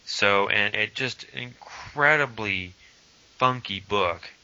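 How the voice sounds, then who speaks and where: A man's voice: on the low side, slow pace, bright, forceful tone. A man co-hosting a casual chat, hesitant and full of fillers but enthusiastic. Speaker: podcast co-host. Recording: dull lo-fi sound.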